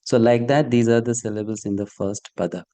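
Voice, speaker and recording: A man's voice: medium pitch, fairly even intonation, fairly quick, mellow. A man teaching a Sanskrit verse class online over a video call, patiently checking that students follow with frequent questions. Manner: patient, checks understanding with frequent "hmm?" and "okay?".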